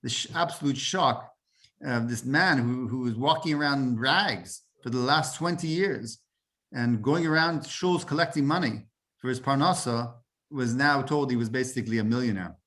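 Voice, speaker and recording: A rabbi gives an informal Torah class in a mid-range, slightly bright voice at normal speed. He often repeats words as he searches for phrasing and mixes Hebrew and Yiddish terms into his English.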